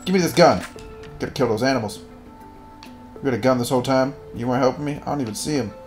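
A man giving goofy, crude gameplay commentary with sudden loud outbursts. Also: medium pitch, fast, soft background music. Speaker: gaming channel host.

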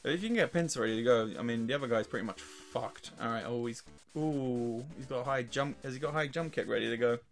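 A man's voice: medium pitch, quick pace, soft background music. English man with a weak, worn voice. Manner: swearing, laughing, trash-talking the game. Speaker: let's play host. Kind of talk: casual gameplay commentary.

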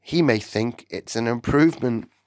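A man voicing a loud-mouthed, greedy boy who has been turned into a mouse, blustering and shouting in an audiobook. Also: mid-range voice, moderate pace, no room sound, studio quality, lightly acted. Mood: indignant.

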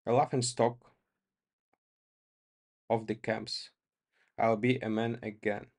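A man voicing a proud, resentful ranch husband who speaks in slow, sardonic tones in a story reading. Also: lowish voice, little pitch movement, a little mellow. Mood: bitter.

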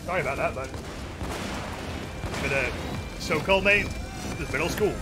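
A young man giving goofy, excitable commentary while streaming a game, with sudden yells. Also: on the high side, measured pace. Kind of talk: casual gaming commentary. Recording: game music playing behind.

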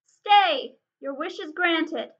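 Old wizard, wry and commanding, read by a woman, bright and high. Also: expressive, a little slow, dull audio, exaggerated voice.

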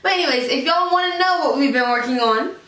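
A woman's voice: high-pitched, fast, sharp tone, a little hiss or hum. A young woman vlogging casually to camera, rambling with lots of fillers and slang. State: out of breath. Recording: echoey room, far from mic.

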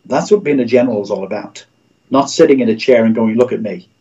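A man's voice: medium pitch, fast, dark tone, muffled recording. A middle-aged man, a Christian radio executive, speaking as a guest in a livestream interview over a video call, in an earnest, preacher-like way with repeated phrases.

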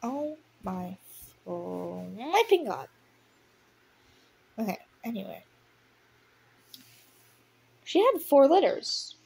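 A woman's voice: fairly high pitch, slow pace, long pauses, slightly rough. Giggly young woman reading with commentary. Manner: giggly and excitable, reacting loudly to the story. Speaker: audiobook reader. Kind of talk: casual story reading with commentary.

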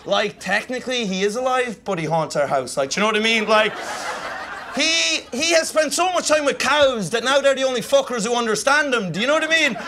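A young Irish man from Kilkenny doing stand-up in a comedy club, rambling fast and tagging lines with "you know what I mean". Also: very high voice, lively intonation, pushed and bright, slight background noise. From Ireland. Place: comedy club stage with laughing audience.

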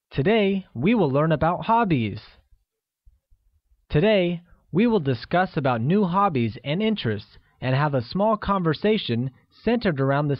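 Slow, upbeat male language-lesson narrator. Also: a little high, dry recording. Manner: slow, deliberate, upbeat praise. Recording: dry, dull lo-fi studio audio.

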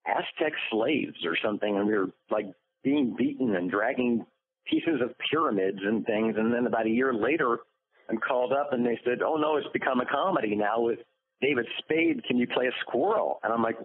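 A man voice actor telling lively stories in an interview, acting out the quotes. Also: medium pitch, moderate pace, a little hiss or hum. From United States. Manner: lively storyteller, acts out quotes. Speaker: voice actor guest. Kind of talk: interview anecdotes. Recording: dry phone-like line.

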